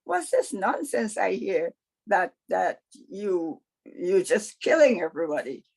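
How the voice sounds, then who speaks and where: A woman's voice: mid-range voice, big pitch swings, unhurried, vocal fry, darkish tone, breathy edge, full character voice, rough recording. Woman playing a folksy, firm Lord. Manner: folksy, matter-of-fact. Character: easygoing, firm male Lord figure.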